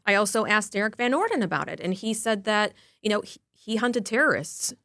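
A woman reporter recounting her day in casual, lively on-air chat. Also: medium pitch, a little fast, background noise. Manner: lively, chatty storytelling.

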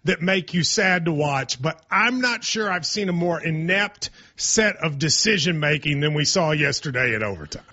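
Bright high-voiced man hosting. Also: lively intonation, normal speed, few pauses. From Kentucky. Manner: joking, rambling asides. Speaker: sports talk show host. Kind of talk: casual sports talk. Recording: slightly muffled audio.

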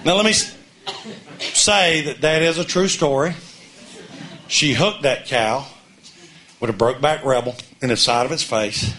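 A middle-aged man from Mississippi, telling a folksy comic story on stage and shouting his punchlines. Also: mid-range voice, measured pace, pauses often, a little hiss or hum. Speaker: comedian. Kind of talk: storytelling stand-up.

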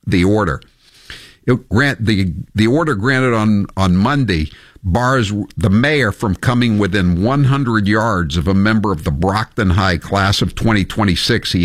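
Wry talk radio host, low voice. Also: male voice, no room sound. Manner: wry, offhand asides. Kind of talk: casual talk radio banter.

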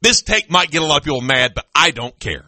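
A man in his thirties holds forth on a sports radio show, loud and animated with bursts of laughter. His voice sits high and very bright, and it swings widely in pitch. The studio sound is dry and close, right on the mic. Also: quick pace, no echo. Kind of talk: sports talk radio banter.

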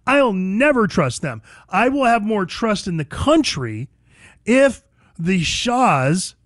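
A man's voice: high-pitched, sing-song, slow pace, dry recording, clean studio sound. A man hosting a talk radio show, delivering an emphatic, opinionated monologue full of repetition.

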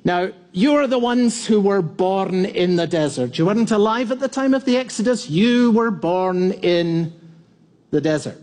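A man's voice: high-pitched, animated, unhurried, darkish tone. A man in his fifties preaching a sermon to a congregation, teaching verse by verse and asking for shows of hands. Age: 50s. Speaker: pastor. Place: church before a congregation.

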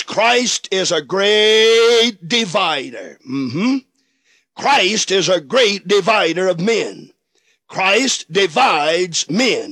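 A man's voice: sits high, fairly bright tone, no room sound. A man preaching a sermon in an old-fashioned preacher's cadence, stretching out emphatic phrases and acting out the voices in the passages he quotes.

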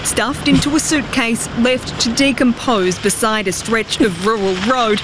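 A woman's voice: on the high side, fairly even intonation, noisy background. Woman reading a news report. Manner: measured newsreader delivery.

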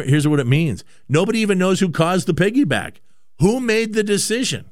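A man's voice: fairly high pitch, dry recording, studio quality. A man hosting a sports radio show, delivering an opinionated monologue full of emphatic rhetorical questions and stammered restarts.

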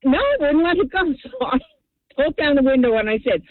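A woman tells a story over a tinny phone line. Her voice is high and swings widely as she talks. She is an animated, chatty caller. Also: fast, dry recording. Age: 70s.

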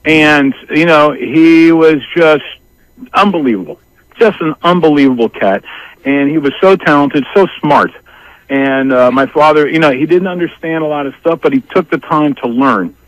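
A man in his sixties, a guest telling a family story in a rambling, animated way. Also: fairly high pitch, moderate pace, dry recording, rough recording. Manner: animated, acts out family members' voices; rambling with many restarts and asides. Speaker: interview guest. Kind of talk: casual storytelling.

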